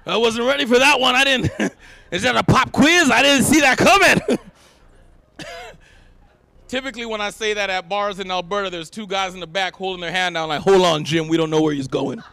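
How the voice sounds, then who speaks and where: A young Canadian comedian works a live crowd from the stage, his voice pitched unusually high with a gravelly rasp. He talks in bright, swooping bursts, laughs at his own jokes and shouts the punchlines. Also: normal speed, long pauses. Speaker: stand-up comedian. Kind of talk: stand-up comedy set. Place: event stage before a live audience.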